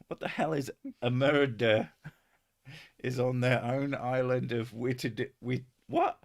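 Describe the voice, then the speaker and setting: An English man hosts a loose live-stream chat, talking at an unhurried, drawn-out pace. He swears casually and breaks into laughter as he wanders from one thought to the next. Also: medium pitch, steady tone. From England.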